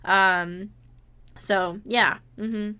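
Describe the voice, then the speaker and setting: A woman's voice: medium pitch, steady tone, extremely slow, pushed and bright, clean tone. A woman chatting casually on a livestream, reading viewer messages aloud and reacting with exclamations and laughter. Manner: reads viewer messages aloud and answers them.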